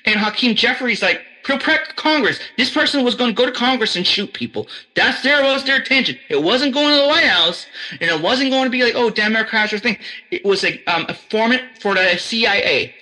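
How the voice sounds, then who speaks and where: A man's voice: high-pitched, pushed and bright, poor audio. An American man in casual chat, rambling and profane, with frequent restarts and fillers. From United States.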